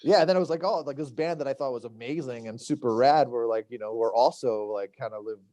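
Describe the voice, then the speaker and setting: This man's voice is medium in pitch and mellow, and he talks fast with no room sound. He's a middle-aged chef from Long Island, New York, telling rambling stories in a casual podcast interview, stuffed with fillers and quotes he performs.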